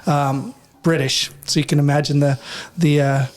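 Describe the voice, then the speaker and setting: A man's voice: on the high side, flat delivery, moderate pace. A man in his forties, a guest on a podcast, talking in a chatty, rambling way and laughing easily. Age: 40s. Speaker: podcast guest, company representative. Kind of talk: casual interview chat.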